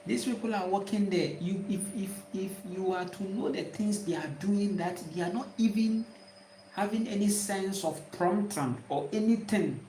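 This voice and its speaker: This woman, a spiritual teacher with a Ghanaian accent, has a warm mid-range voice and a moderate pace. Her casual talk is emphatic, with many repeats and restarts, recorded with roomy echo and slight hiss or hum.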